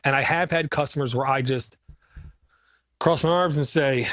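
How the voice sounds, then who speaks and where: A man's voice: mid-range voice, normal speed, long pauses, dry recording. A man who runs a computer repair business, chatting casually on a podcast and acting out his customers in his stories. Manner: animated storyteller, acts out customer dialogue.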